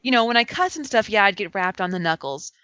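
A woman's voice: medium pitch, animated, quick pace, bright, forceful tone, clean tone, dry recording. A woman co-hosting a casual gaming chat, talking animatedly and laughing often. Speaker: podcast co-host. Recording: dull lo-fi sound.

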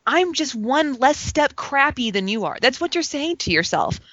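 A woman's voice: high-pitched, very animated, normal speed, a bit bright, no room sound. A woman co-hosting a casual gaming chat, talking animatedly and laughing often. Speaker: podcast co-host. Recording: dull lo-fi sound.

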